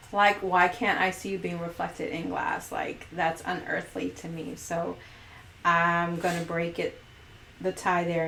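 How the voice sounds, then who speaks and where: A woman's voice: lowish voice, fairly bright tone, a little hiss or hum. Giggly female stream host, casual and playful, echoey room. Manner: playful, giggly, reads poll questions aloud. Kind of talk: casual livestream chat.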